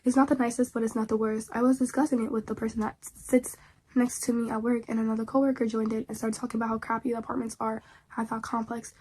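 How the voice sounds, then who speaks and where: A woman's voice: a little high, flat delivery, fast, a little mellow, a little hiss or hum. A woman reading online posts aloud and reacting to them in casual, slangy commentary, often pleading dramatically with her viewers.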